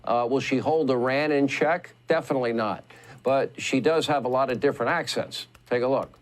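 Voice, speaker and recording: A man's voice: medium pitch, normal speed. A man hosting political commentary, reading a scripted segment with emphatic, repetitive phrasing. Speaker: commentary host.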